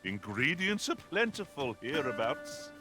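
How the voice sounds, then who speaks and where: A wry, formal fantasy game companion. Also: male voice, medium pitch, big pitch swings, a little slow, bright, forceful tone. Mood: dry. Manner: old-fashioned courtly phrasing, wry. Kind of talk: video game voice acting. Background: game music.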